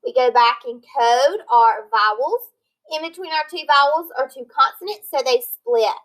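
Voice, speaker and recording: Woman, phonics teacher, high bright voice, patient and encouraging. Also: rough recording. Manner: slow, clear, encouraging teacher talk, sounding out words. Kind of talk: recorded phonics lesson for children.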